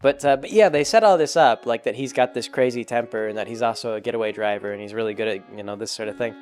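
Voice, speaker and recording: A man's voice: mid-range voice, quick pace, a little mellow, soft background music. A man vlogging a casual, rambling movie recap with lots of jokes, fillers and self-corrections.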